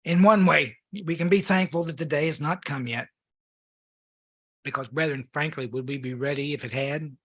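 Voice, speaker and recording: A man preaching a sermon, reading scripture in an earnest, measured way while losing his voice. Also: a little high, fairly bright tone, breathy edge.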